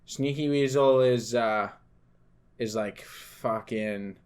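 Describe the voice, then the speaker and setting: A man's voice: medium pitch, slow, clear, resonant tone. A young man co-hosting a podcast, telling drinking stories in a rambling, profane, casual way. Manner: rambling, profane storytelling that grows loud and laughing. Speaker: podcast co-host. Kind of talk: casual chat.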